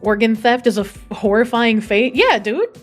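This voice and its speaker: Young woman streamer reading news out loud n swearing at it, kinda high voice, quiet music in the back. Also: expressive, moderate pace. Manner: blunt, swears freely, reacts to chat. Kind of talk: casual stream chat, reading an article aloud. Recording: faint music behind.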